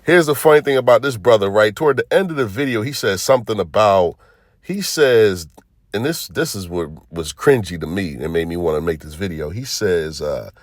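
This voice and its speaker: Deep-voiced man giving casual commentary. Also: expressive, moderate pace, dry recording, studio quality. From Philadelphia. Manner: conversational, heavy fillers, rhetorical asides. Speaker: channel host.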